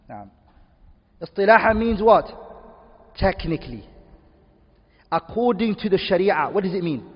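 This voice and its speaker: A man teaching a class, asking his listeners questions and repeating key terms. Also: sits high. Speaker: lecturer. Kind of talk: classroom lecture. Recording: dull lo-fi recording in a reverberant hall.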